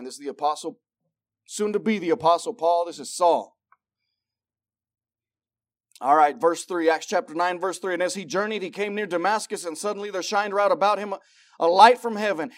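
High-voiced preacher with big swings. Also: male voice. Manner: swings between loud excited preaching and hushed intensity; acts out voices of God and believers. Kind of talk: sermon.

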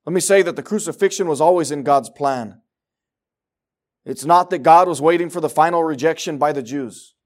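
Fervent high-voiced male preacher. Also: normal speed. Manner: fervent, swinging from quiet to loud. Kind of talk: sermon.

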